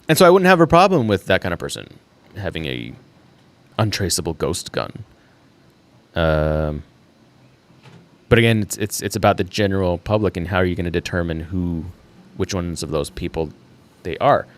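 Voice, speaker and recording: A young man with a fairly low voice hosts a casual solo livestream, musing out loud in a loose, rambling way. He fills the pauses with ums and likes and laughs now and then. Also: animated. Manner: rambling, thinking aloud with fillers and laughs. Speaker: livestream host.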